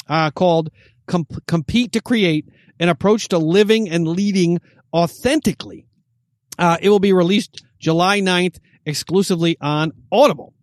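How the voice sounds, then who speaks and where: A man's voice: sits high, no room sound, studio quality. A man hosting a casual sports podcast who rambles, restarts his sentences and reads out news items. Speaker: podcast host.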